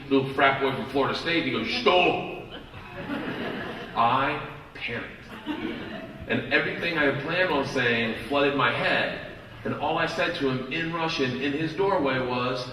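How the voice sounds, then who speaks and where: A man doing stand-up, telling a story loudly, swearing and acting out the people in it, recorded in a large venue with a live audience. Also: mid-range voice, noisy background. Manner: loud, rowdy, swearing, acts out characters. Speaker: stand-up comedian. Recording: echoey live hall, mic heard from far, loud crowd.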